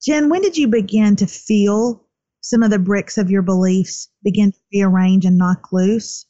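A woman with a medium-pitched voice speaks at a measured pace while hosting an interview. She responds with warm appreciation and reads quotes aloud from the guest's book. The recording sounds dry and muffled.

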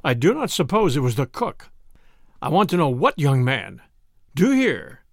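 A man's voice: sits high, wildly swooping pitch, moderate pace, creaky, a bit bright, dry recording, clean studio sound, exaggerated voice. A man reading aloud, voicing a furious, jealous husband who demands answers.

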